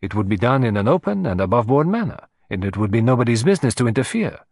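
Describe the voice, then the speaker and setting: Theatrical older Belgian detective, read by a man, pompous, playful, animated pitch, dry close recording. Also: no echo. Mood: musing. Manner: pompous, playful, dramatic pauses.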